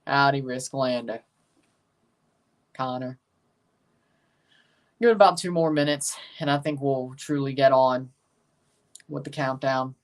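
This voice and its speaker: A man's voice: medium pitch, fairly even intonation, unhurried, long pauses, recorded from a distance. Rambling man talking a bit off-mic. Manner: rambling, chats with viewers, gets loud and emphatic when judging. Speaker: livestream host ranking soccer kits. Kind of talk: casual livestream chat.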